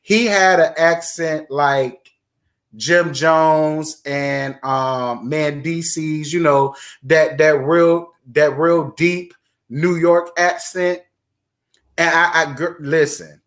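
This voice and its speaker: Man around forty, raised pitch, chatty livestream host, emphatic repetition. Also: takes it slowly, a bit bright. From Virginia, USA. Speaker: host of a live chat stream. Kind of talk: casual livestream chat, reading viewer comments.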